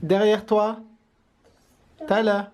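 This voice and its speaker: A man's voice: sits high, flat delivery, slow pace, a little mellow. A man from France patiently quizzing and praising his toddler at home. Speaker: father.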